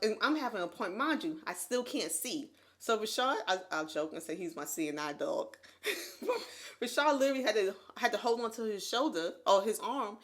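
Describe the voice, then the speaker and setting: A woman co-hosting a podcast, telling a personal story in casual chat, animated and laughing often as she acts out what others said. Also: medium pitch. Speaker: podcast co-host. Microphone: USB condenser mic.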